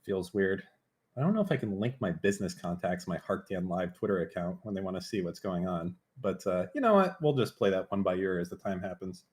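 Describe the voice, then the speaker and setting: A man's voice: deep voice, expressive, a little fast, a little mellow. A man streaming live, chatting casually in a brash, profane, mock-threatening way.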